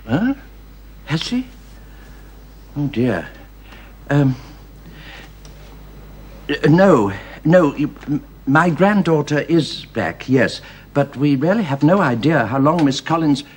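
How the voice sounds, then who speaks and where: An actor playing a polite, flustered elderly English gentleman who speaks formally and hesitates often. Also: a little high, expressive, takes it slowly, long pauses, slight background noise. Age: older. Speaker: grandfather of the household. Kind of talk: 1930s period radio drama.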